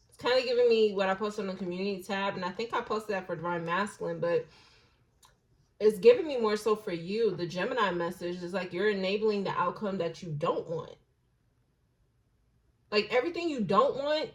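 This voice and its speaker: A woman's voice: medium pitch, poor audio. Casual, blunt woman reading tarot. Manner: musing, drifts into soft hushed asides; slangy and blunt, with occasional swearing. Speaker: tarot reader.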